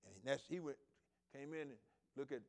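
A man preaching a sermon to his congregation, moving between loud emphatic points and quiet asides, with folksy storytelling and repeated phrases. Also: mid-range voice, normal speed, gravelly. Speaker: pastor.

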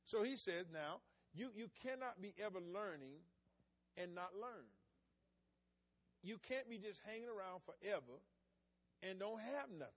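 High-voiced man preaching conversationally. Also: animated, measured pace, pauses often. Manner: conversational preaching, acts out little scenes with voices. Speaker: pastor. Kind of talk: sermon.

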